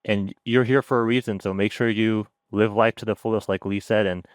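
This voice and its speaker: A man's voice: fairly low pitch, fairly even intonation, fairly quick, no echo. A man in his late twenties co-hosting a podcast, offering reflective, motivational closing thoughts. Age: late 20s. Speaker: podcast co-host. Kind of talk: casual podcast talk.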